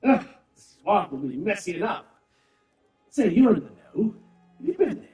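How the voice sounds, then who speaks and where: Albrecht, a high, gushing fop. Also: male voice, very animated, moderate pace, darkish tone. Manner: gushing, theatrical, rambling. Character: fussy, gushing male aristocrat, vain and chatty. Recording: roomy, distant, game music behind.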